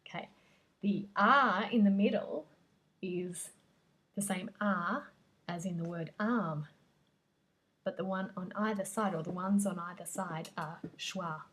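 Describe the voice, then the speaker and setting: An Australian woman teaches English vowel sounds at an unhurried pace. Her voice has a soft, husky edge. She stretches each sound out carefully for her students. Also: mid-range voice. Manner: slow, careful, drawn-out sound demonstrations. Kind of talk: pronunciation lesson.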